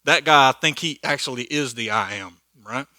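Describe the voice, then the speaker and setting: A man's voice: medium pitch, normal speed, bright, forceful tone, no echo. A man teaching a church Bible study in a conversational, joking way, laughing at his own asides. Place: church hall.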